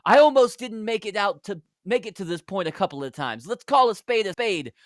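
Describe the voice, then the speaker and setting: A man's voice: sits high, expressive, brisk, no echo, clean studio sound, pitched above the performer's own voice. A man voicing a cocky British male wrestler, with a put-on British accent and a pompous, declaiming manner. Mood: boastful.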